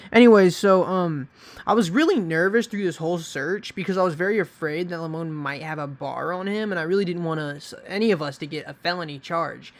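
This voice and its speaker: A young man telling a story casually, rambling and swearing, with many fillers and restarts. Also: on the high side. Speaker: vlogger.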